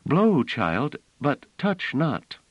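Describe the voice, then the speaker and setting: A man voicing a gentle woman who speaks in a soft, old-fashioned formal way. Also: fairly high pitch, big pitch swings, very slow, no echo, lo-fi sound, pitched above the performer's own voice, exaggerated voice.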